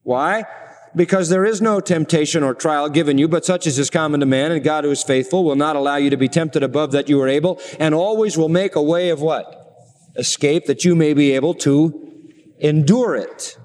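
A middle-aged man preaching a sermon, slowing down for emphasis and asking the congregation rhetorical questions. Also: on the high side, darkish tone, in a large hall.

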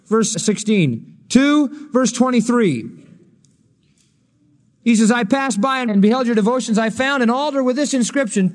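A man's voice: high voice, moderate pace. A man preaching a sermon as a pastor, with an emphatic delivery that swells and drops. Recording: long reverb of a hall.

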